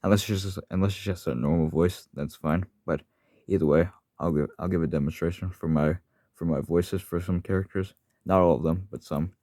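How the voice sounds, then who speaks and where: A fan voice actor talks casually in a vlog monologue on his channel about the characters he voices. His low-pitched, warm voice has fairly even intonation and a fairly quick pace, recorded in studio quality with no echo. He rambles, often correcting himself and apologizing.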